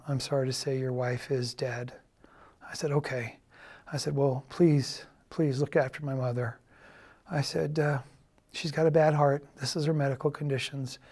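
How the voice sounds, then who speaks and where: A middle-aged man giving a personal testimony in a church, softly telling a painful story and quoting others' words, his voice breaking at times. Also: medium pitch. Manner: quiet, halting storytelling that quotes others' words.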